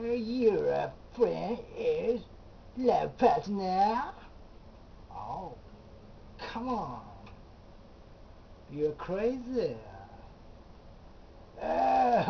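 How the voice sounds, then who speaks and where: Slow, teasing woman in lo-fi banter. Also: mid-range voice, animated, gravelly, slight background noise. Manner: slow, teasing, in simple broken English. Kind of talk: playful scripted banter before a song. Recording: dull lo-fi recording with guitar music. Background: quiet plucked guitar.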